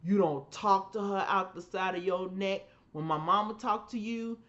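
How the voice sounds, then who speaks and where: Animated woman telling family stories. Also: mid-range voice, normal speed, lo-fi sound. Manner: animated, emphatic, acts out quoted voices. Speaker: podcast co-host. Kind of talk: casual storytelling chat.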